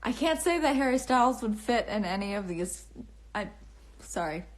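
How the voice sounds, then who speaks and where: A young woman with a slightly high voice talks at normal speed with lively intonation. As host of a phone livestream and an author, she answers comments bubbly and rambling, with frequent restarts and laughs, all recorded on the phone camera.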